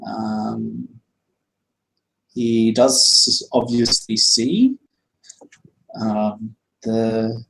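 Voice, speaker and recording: Slow gravelly man running a game. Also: on the low side, a bit bright, poor audio. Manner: unhurried, full of fillers. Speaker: game master. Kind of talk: narrating a tabletop game.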